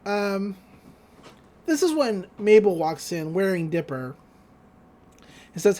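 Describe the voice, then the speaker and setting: A woman's voice: medium pitch, sing-song, slow pace, dark tone. A woman co-hosting a podcast, casually recapping a cartoon episode with wry asides and frequent laughter. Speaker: podcast co-host.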